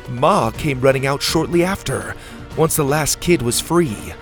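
A man narrating a children's adventure story, with lively reading that jumps up loud and high for the characters' shouts. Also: a little slow, gravelly, faint music behind.

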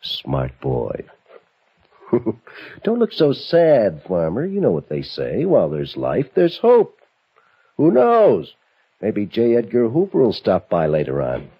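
An actor in a vintage broadcast drama plays a cruel, mocking escaped convict holding a couple hostage, drawling and taunting like a tough guy with menacing intent. His deep voice is sing-song, slightly rough and heavily acted, moving at a measured pace with frequent pauses. The lo-fi old recording carries faint music.

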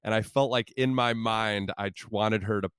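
Podcast co-host, male, resonant and a bit low, profane and self-interrupting, close dry mic. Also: steady tone, moderate pace, a bit bright, clear, resonant tone, no echo. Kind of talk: casual sports chat.

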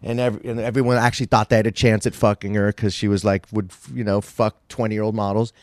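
A man's voice: fairly low pitch, level tone, fast, no room sound, studio quality. Profane rambling storyteller man in his 50s. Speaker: guest. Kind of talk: casual storytelling interview.

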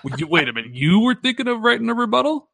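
A man co-hosting a gaming podcast, talking in a casual, teasing way and jumping up in pitch when he jokes. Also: racing, gravelly, no room sound, studio quality. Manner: animated, teasing, pitch jumps up when joking. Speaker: podcast co-host.

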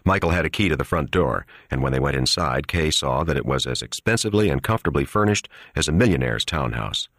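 Male audiobook narrator, extremely deep voice, steady even storytelling, dry close sound. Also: fast talker, few pauses, no room sound.

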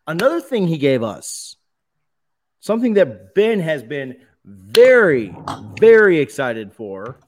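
A man's voice: a little high, big pitch swings, slow, darkish tone. A man hosting a casual whiskey podcast, upbeat and playful as he steers the talk. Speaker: podcast host. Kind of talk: casual chat, whiskey tasting.

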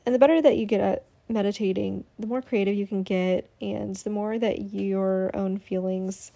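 A woman's voice: medium pitch, warm tone. A woman giving casual, chatty step-by-step advice on how to meditate, with many fillers. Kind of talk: casual instructional talk.

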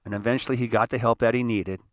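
An older man tells a personal story with a lot of feeling, his mid-range voice recorded close and dry. He rambles, then turns emphatic and forceful when the memory stings. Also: medium pitch, fairly even intonation, quick pace, no room sound. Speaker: host.

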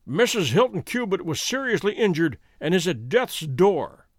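A man voicing a bitter, desperate male American outlaw who talks loud and fierce. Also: high-pitched, very animated, normal speed, no echo, clean studio sound.

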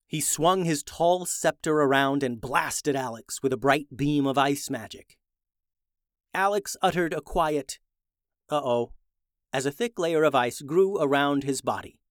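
A man narrating a children's adventure story in a lively, expressive way. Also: on the high side, no room sound, clean studio sound.

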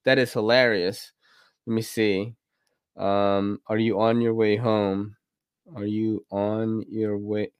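A man's voice: medium pitch, no echo, studio quality. A man hosting a podcast while drunk, rambling casually between laughs and curses. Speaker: podcast host.

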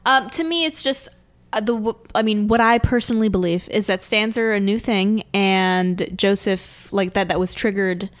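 A woman's voice: medium pitch, normal speed. A woman co-hosting a casual podcast, talking hesitantly, trailing off and giggling. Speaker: podcast co-host. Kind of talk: casual chat.

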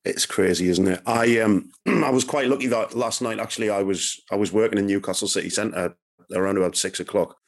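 A man's voice: lowish voice, brisk, creaky. A man co-hosting a podcast, vividly recounting a scene with enthusiasm. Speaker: podcast co-host. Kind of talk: casual podcast chat.

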